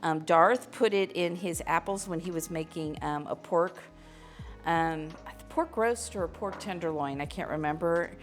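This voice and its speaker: A woman's voice: fairly low pitch, measured pace, soft background music. A middle-aged woman from Missouri, hosting a live cooking stream in her home kitchen and chatting in a rambling way, with lots of fillers. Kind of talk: casual cooking chat.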